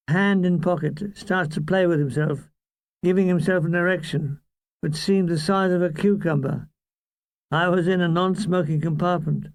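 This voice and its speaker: Deadpan man reading his comic memoir. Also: fairly high pitch, no room sound. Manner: deadpan, irreverent comic delivery. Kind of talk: audiobook memoir narration.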